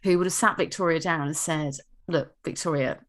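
A woman with a fairly low voice co-hosts a casual history chat. She tells the story in a chatty way and drops quick asides as she goes. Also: fairly even intonation, fairly bright tone. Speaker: podcast co-host.

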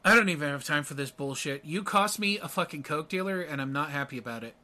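A man's voice: fairly high pitch, fast, noisy background, natural voice. A man voicing a tough, profane superheroine who talks in clipped, dismissive lines. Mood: annoyed. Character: tough super-powered heroine, curt and profane.

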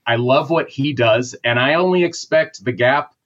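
A man's voice: mid-range voice, normal speed, a bit bright, highs cut off. A man from Massachusetts with a Boston accent, ranting in a casual sports talk conversation. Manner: opinionated, rambling rant.

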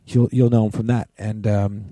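Mellow-voiced profane male podcast co-host. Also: on the low side, flat delivery, normal speed, dry recording. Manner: profane, agreeable, tells stories. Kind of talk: casual ranting chat.

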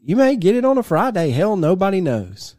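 A man's voice: high-pitched, sing-song, brisk, mellow, dry recording, studio quality. A man co-hosting a casual podcast, rambling through stories and laughing often. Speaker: podcast co-host.

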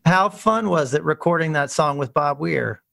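A man's voice: fairly high pitch, expressive, normal speed, vocal fry, fairly bright tone. A man interviewing a guest, asking friendly, enthusiastic questions. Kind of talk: casual interview.

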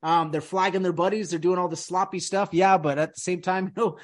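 A man's voice: high-pitched, brisk. A man hosting a casual podcast, rambling and emphatic, peppering his talk with dude and man. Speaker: podcast host. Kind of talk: casual conspiracy podcast chat.

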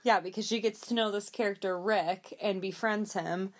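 A woman co-hosting a casual film podcast, tossing in quick agreements and dry, blunt jabs at what she watched. Her voice sits at an ordinary middle pitch for a woman, plain and conversational. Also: steady tone. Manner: short agreeing interjections, blunt and wry. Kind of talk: casual movie discussion.

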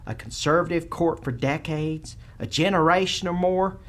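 A man's voice: fairly high pitch, moderate pace, fairly bright tone, lightly acted. A man playing a nervous, defensive male senator with an American Southern accent in a comedy sketch. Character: anxious male southern senator, evasive and fawning.

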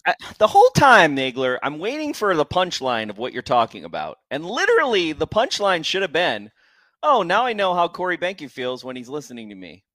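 A man's voice: on the high side, huge pitch swings, a little fast, bright, forceful tone, no echo, studio quality. A man co-hosting a casual sports podcast who teases his partner and mimics him. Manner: teasing, ribbing his co-host. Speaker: podcast co-host.

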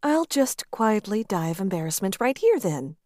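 A woman's voice: mid-range voice, very animated, normal speed, a little mellow, no echo, studio quality, natural voice. A woman reader voicing a shy, flustered young woman office worker who stammers nervously. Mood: bashful.

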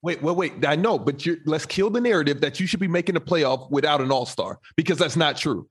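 A man's voice: fairly high pitch, fairly quick, breathy edge. A man co-hosting a heated sports debate podcast, insistent and talking over others. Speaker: podcast co-host.

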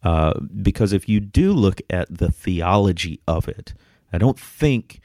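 Deep, dark-voiced man discussing theology. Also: lively intonation, dry recording, studio quality. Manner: measured, articulate, emphatic. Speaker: podcast co-host.

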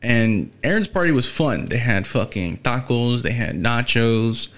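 Young male podcast host, casual and profane, rambling venting delivery, average pitch. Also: expressive, unhurried, a bit bright. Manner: swears a lot, rambling, annoyed venting.

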